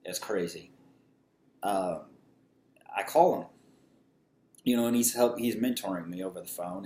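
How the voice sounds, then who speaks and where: Low-voiced man telling a story in an echoey room. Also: mellow, slight background noise. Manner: halting, with many fillers and restarts. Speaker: vlogger telling a personal story. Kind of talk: casual spoken storytelling.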